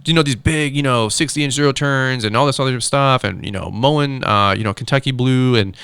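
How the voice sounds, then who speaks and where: Male podcast host, rapid delivery, smooth clear voice, dry close mic, chatty and self-deprecating. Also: medium pitch, no room sound. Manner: animated, quick, self-deprecating. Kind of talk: casual interview chat.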